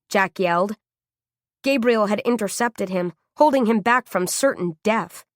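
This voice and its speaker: A woman reading a first-person novel aloud as audiobook narrator, in a tense, dramatic, measured way. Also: mid-range voice, no echo, studio quality.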